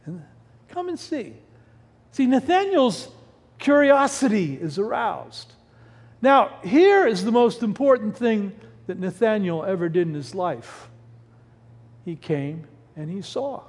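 A man preaching a sermon from the pulpit of a church, his voice pitched high and swinging widely as he fires off rhetorical questions. He often breaks off mid-word and restarts. His voice rings with a long hall reverb. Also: sing-song, a little slow, a little mellow. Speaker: pastor. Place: church sanctuary.

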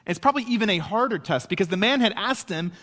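A man's voice: sits high, expressive, fast, pushed and bright, in a large hall. A man preaching a sermon in a conversational way, often checking in with his listeners. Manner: conversational preaching with frequent "right?" asides. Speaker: pastor.

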